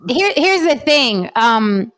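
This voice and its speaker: A woman's voice: fairly high pitch, sing-song, takes it slowly, crowd noise. Emphatic woman hosting a talk show. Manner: emphatic, repeats points for effect. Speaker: podcast host. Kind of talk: casual panel chat.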